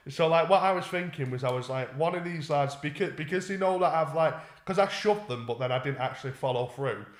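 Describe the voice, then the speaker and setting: A young man with a fairly high voice tells a story in animated casual chat, swearing freely and stumbling over restarts. His voice bounces around a roomy, echoey space. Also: brisk. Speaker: podcast co-host. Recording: echoey room.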